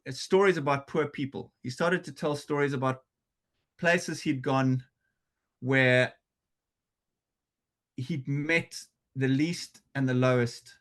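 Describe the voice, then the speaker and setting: A man from South Africa talks as a podcast guest in a middle-pitched voice. He tells his story earnestly and restlessly, circling back and repeating words as he goes. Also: fairly bright tone. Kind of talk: conversational storytelling.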